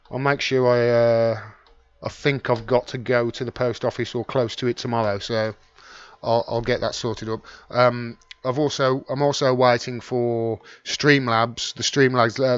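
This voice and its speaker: A man's voice: medium pitch, level tone, normal speed, clear, resonant tone, no room sound, highs cut off. A middle-aged man with a Wolverhampton accent, hosting a casual live stream and chatting as he thanks viewers by name. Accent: Wolverhampton (Black Country). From West Midlands, England. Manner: rambling, chatty, reads out and thanks commenters by name. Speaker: YouTube live stream host.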